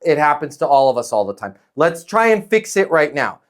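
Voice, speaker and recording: A man coaching a live audience on sales, energetic and direct, repeating his key lines. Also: on the high side, a little fast. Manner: energetic, acts out sales calls.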